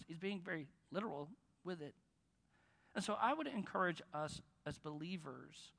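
A male pastor preaches in a sanctuary with a long reverb tail. His delivery is chatty and playful, and it jumps into loud, emphatic bursts on key points. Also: high-pitched, creaky. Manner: conversational, joking, with bursts of emphasis. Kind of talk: sermon. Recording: long reverb of a large hall.

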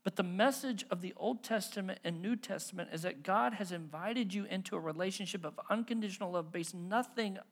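A pastor preaching a sermon in a relaxed, conversational way, telling everyday stories with folksy humor and asking the congregation questions. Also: medium pitch, brisk, hardly any pauses. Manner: folksy, self-deprecating humor; stumbles and repeats words when driving home a point.

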